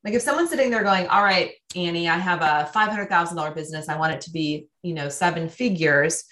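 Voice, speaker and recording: Enthusiastic woman podcast host, lower voice. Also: fast talker, a bit bright. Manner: enthusiastic, recaps points for listeners. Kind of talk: conversational interview.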